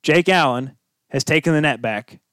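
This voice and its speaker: A man hosting a casual hockey podcast, animated and teasing, breaking into loud bits. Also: a little high, normal speed, clean tone, no echo. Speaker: podcast host. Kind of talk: casual sports chat.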